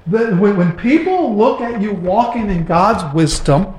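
A male pastor preaching a sermon emphatically, repeating his points and building to loud bursts. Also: high voice, expressive, a little slow, very echoey, poor audio. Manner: emphatic, repetitive preaching with rising outbursts.

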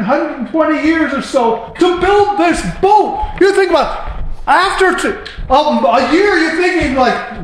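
High-voiced man preaching in an echoey hall. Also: animated, unhurried, a bit bright, slight background noise. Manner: emphatic, repetitive preaching with rising outbursts. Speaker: pastor. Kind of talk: sermon.

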